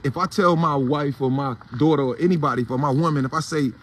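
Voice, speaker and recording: A fast-talking man with a voice on the high side hosts a casual morning commentary show. With an African American Vernacular English accent, he comes across blunt, heated, and profane, delivering it all preachily.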